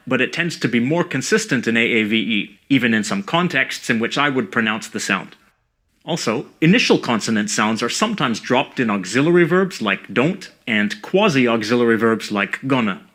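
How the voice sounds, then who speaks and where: Bright-voiced man narrating a linguistics lesson. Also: medium pitch, animated. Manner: measured, precise, explanatory. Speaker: language educator. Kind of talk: scripted educational narration.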